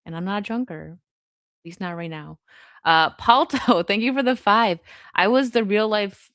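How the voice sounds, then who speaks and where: A young woman hosting a live stream, reading chat and chatting casually, laughing often with quick asides. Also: mid-range voice, a bit bright, no echo, studio quality.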